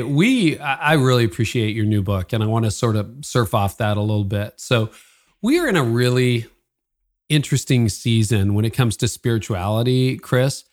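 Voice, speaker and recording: A man with a Canadian accent hosting a podcast, reading sponsor spots and interviewing a guest in a friendly, animated way. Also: medium pitch. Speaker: podcast host. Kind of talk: ad reads and interview.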